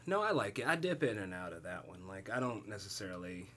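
A man's voice: on the low side, lively intonation, quick pace, fairly bright tone. A man chatting on a podcast, laid-back, with short replies. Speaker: podcast co-host. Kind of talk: casual chat.

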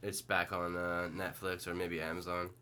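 A man's voice: low-pitched, normal speed. A man co-hosting a podcast, joking and swearing in casual chat. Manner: profane, joking, animated. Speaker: podcast co-host.

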